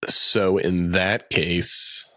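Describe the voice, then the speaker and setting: A man's voice: low-pitched, level tone, very slow, sharp tone, dry recording. A young man co-hosting a podcast in casual chat, laid-back and rambling, sometimes dropping into silly voices. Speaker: podcast co-host.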